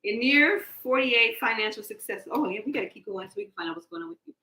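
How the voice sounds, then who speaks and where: Tarot-reader woman, high pitch, playful and jokey, echoey room. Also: fast talker. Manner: animated, joking, laughs often. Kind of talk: casual live tarot reading and chat.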